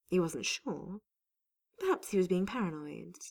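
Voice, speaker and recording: A woman narrating a fantasy story in an unhurried, even reading voice. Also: fairly low pitch, creaky, slightly rough. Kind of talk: audiobook narration of fan fiction.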